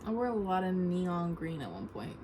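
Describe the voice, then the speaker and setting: A woman's voice: lowish voice, very animated, normal speed. Chatty teen girl on a noisy recording. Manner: chatty, giggly, rambling with many "like"s. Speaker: video host. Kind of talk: casual Q&A chat with a friend.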